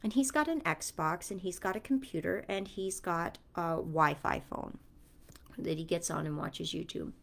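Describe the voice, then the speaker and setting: A woman's voice: on the low side, unhurried, gravelly. Earnest woman telling a parenting story. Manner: earnest, storytelling, speaks with conviction. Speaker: mother sharing a story and Bible reflections. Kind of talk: casual reflective vlog talk.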